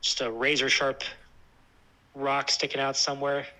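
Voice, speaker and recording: Man, bright forceful tone, casual chat, relaxed, halting with fillers and restarts. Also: mid-range voice, poor audio. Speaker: hiker discussing a trip with his dog.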